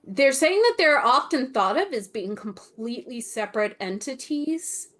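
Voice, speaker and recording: An Akashic Records channeler speaks in a group video meeting with a high, slightly bright voice, lively intonation and a moderate pace. She laughs often and gropes for words, with phrases that repeat and fade to a whisper.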